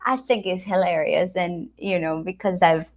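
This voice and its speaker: A woman from America, giving a motivational talk full of personal anecdotes, acting out what people said and sometimes dropping to a soft whisper. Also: lowish voice, moderate pace. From Latin America. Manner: animated storyteller acting out quoted dialogue. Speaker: speaker at a wellness retreat center.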